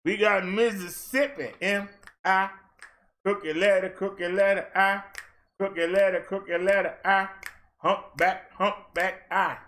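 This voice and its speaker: A man from Maryland hosts a casual livestream, running through a long list of numbers. His voice sits high for a man, and he keeps breaking the routine with playful asides and exclamations. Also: fairly even intonation, a little slow, pushed and bright. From Maryland, USA. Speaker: fitness streamer. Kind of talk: casual livestream rundown of daily figures.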